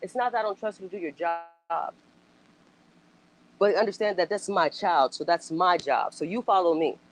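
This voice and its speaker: A woman's voice: on the low side, moderate pace, low-quality recording. A woman chatting casually as a commentator. She is blunt and emphatic, swears freely and fires off rhetorical questions. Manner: blunt, emphatic, frequently profane; animated outbursts and rhetorical questions. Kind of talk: casual reaction chat.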